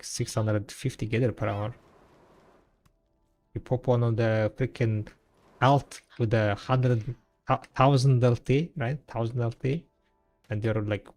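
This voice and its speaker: A man's voice: mid-range voice, darkish tone. A man chatting casually on a gaming stream in a rambling, laid-back way, full of fillers and restarts. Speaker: game streamer.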